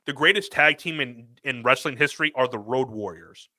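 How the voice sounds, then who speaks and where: A man with a bright, sharp voice co-hosts a casual podcast. He mostly answers in short agreements, then states his opinions firmly. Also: medium pitch, brisk. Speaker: podcast co-host. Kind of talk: casual chat.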